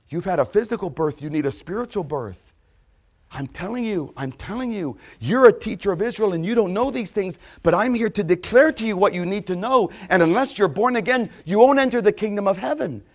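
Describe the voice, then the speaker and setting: A preacher voicing Jesus as a forceful male teacher who presses his point and repeats himself. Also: a little high, big pitch swings, normal speed, slightly rough, pitched above the performer's own voice. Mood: insistent.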